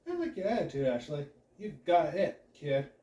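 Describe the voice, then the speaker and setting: A man's voice: a little high, big pitch swings, warm tone, dull audio. A man voicing a demanding adult acting teacher who coaches a class, in a roomy room with the mic set back. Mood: impressed. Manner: upbeat coaching, quick to judge. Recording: roomy echo, mic at a distance.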